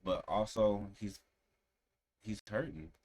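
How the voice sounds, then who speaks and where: A man's voice: lowish voice, takes it slowly, darkish tone. A man hosting a reaction video, giving earnest, reflective commentary and repeating phrases for emphasis.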